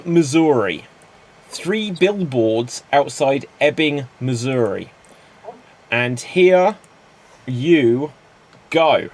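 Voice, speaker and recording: Slow-talking man hosting an improv show. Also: on the high side, a little mellow. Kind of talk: introducing improv games.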